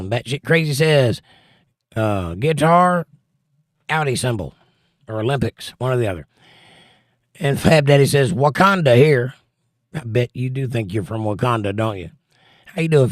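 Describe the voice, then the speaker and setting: During a casual live stream, a middle-aged man reads viewers' comments aloud and answers with wry, teasing banter. He speaks at a medium pitch, in studio-quality audio without room sound.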